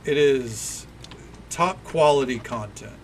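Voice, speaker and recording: A man's voice: mid-range voice, slow, slight background noise. A man, chatting casually and rambling while he streams a game. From American South. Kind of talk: casual livestream commentary.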